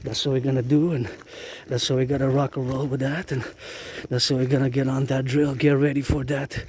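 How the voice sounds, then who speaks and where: A man's voice: medium pitch, flat delivery, fairly quick, a little mellow, slightly rough. A man leading a chanted marching cadence in rhythmic, sing-song loose rhymes, breaking off now and then into loose asides.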